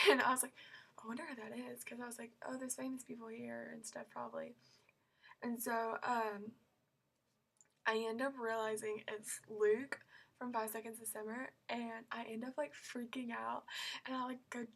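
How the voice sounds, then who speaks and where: A woman's voice: fairly high pitch, fairly even intonation, normal speed, a bit bright, breathy edge. A teenage girl telling a story in a vlog, gushing and rambling with many fillers and squealing when she quotes herself. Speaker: vlogger.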